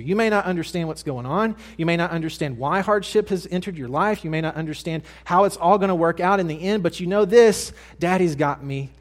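A young adult male pastor preaching a sermon, earnest, dropping to hushed tones and then rising to loud emphatic lines. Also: a little high.

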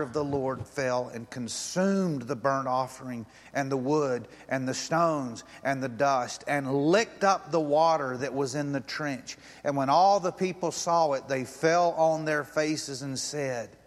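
A man preaching a sermon, telling the story dramatically and swinging between loud outbursts and hushed moments. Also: mid-range voice, measured pace, few pauses, big-room sound. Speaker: pastor.

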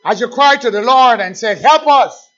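A man preaching a sermon, swinging between quiet asides and fervent rising calls. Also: very high-pitched, fairly quick, lo-fi sound.

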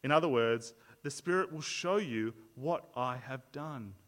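A man's voice: medium pitch, expressive, unhurried, a bit bright, big-room sound. A man preaching a sermon as pastor, explaining earnestly and often repeating words as he restarts a thought.

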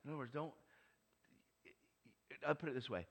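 Man preaching, hushed then booming. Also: expressive, normal speed, creaky. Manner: swings from hushed to loud, emphatic preaching. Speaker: pastor. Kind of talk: sermon.

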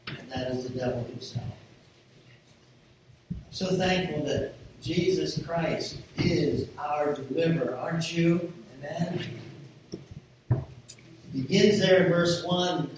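A man preaching a sermon as a pastor, earnest and measured in his emphasis. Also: on the high side, background noise. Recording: echoey room heard from a distance.

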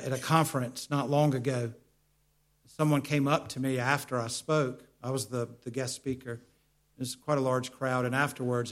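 A middle-aged man preaching a sermon in an earnest, confessional way, repeating words as he searches for them, slowing down and dropping softer to stress a point. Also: mid-range voice. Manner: earnest, confessional, with hesitant repetitions; slows down for emphasis, drops to a soft voice.

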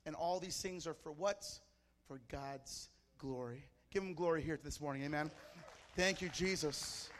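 A man's voice: a little high, unhurried, fairly bright tone, long reverb tail. A man from Mexico preaching to a church congregation, fervent and telling stories in short, punchy phrases. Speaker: pastor. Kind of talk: sermon. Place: church service.

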